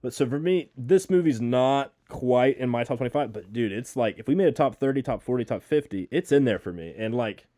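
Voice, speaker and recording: A man co-hosting a movie podcast, chatting casually and excitedly about films. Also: mid-range voice, a little fast, hardly any pauses, no room sound, clean studio sound. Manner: excitable, quotes scenes in raised voices. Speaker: podcast co-host. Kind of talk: casual movie review chat.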